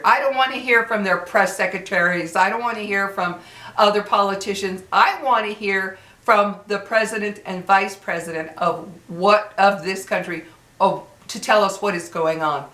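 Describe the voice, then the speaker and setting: A woman in her late sixties talks straight to her viewers in a blunt, heated vent, circling back and repeating her points. Her voice sits at a middle pitch for a woman. The room around her has a noticeable echo. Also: normal speed, sharp tone. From United States. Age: 60s. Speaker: vlogger. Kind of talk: angry venting to camera.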